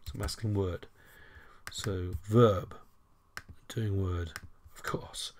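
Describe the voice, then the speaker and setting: A man's voice: mid-range voice, big pitch swings, normal speed, a little mellow, husky. A man teaching a French lesson over a screen recording, chatty, with wry self-deprecating asides.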